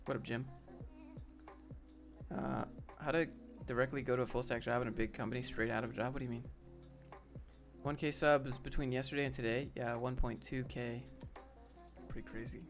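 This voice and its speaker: A man's voice: medium pitch, fairly even intonation, normal speed, long pauses, faint music behind. Casual man hosting a live stream. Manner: casual, joking, talks to chat by name. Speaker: host.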